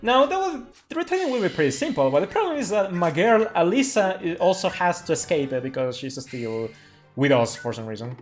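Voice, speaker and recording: A man giving casual live commentary on his speedrun of a game, chatty, full of fillers and quick laughs. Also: high-pitched, big pitch swings. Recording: faint music behind. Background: faint game music.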